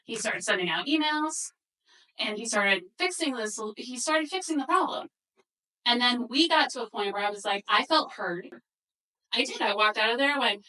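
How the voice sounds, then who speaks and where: A woman's voice: fairly high pitch, expressive, normal speed, bright, forceful tone, far from the mic, poor audio. A woman presenting a workshop to a live audience, telling a story and acting out the quoted dialogue. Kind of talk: workshop talk with slides.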